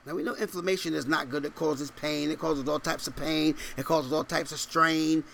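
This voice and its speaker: A man's voice: fairly high pitch, moderate pace, gravelly, a little hiss or hum. A male pastor preaching a sermon, reading scripture in old-style English and then firing off rhetorical questions in casual slang. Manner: animated, fires rhetorical questions; laughs between points.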